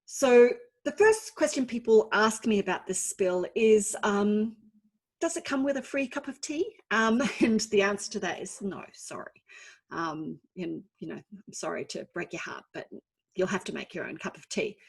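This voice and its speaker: An Australian woman in her forties gives an online author talk, recounting her story in a chatty, self-deprecating way. Her voice is mid-pitched with a husky, slightly breathy edge. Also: moderate pace. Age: 40s.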